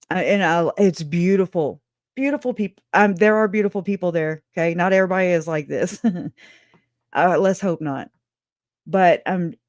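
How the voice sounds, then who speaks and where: A woman hosting a casual true crime livestream, animated and sarcastic, laughing often and swearing freely. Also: medium pitch, no echo, studio quality.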